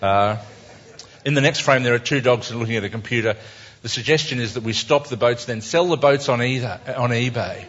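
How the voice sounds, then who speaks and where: A man's voice: medium pitch, a little fast, a bit bright. A man with an Australian accent, a cartoonist talking an audience through his cartoons in a wry, chatty, self-mocking way. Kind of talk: casual live talk to an audience. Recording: dull lo-fi recording.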